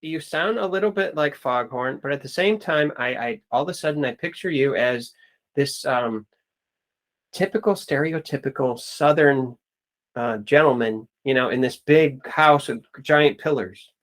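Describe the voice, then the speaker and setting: A man hosting an interview and teaching acting, who talks in a halting, encouraging way. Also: medium pitch. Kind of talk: casual interview chat.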